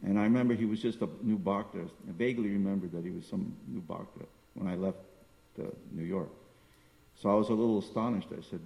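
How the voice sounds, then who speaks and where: Older man preaching, gravelly voice, hall reverb. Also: lowish voice, a little fast, dull audio. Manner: discursive, searching for words, reciting Sanskrit verses. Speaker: spiritual teacher. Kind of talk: sermon on scripture.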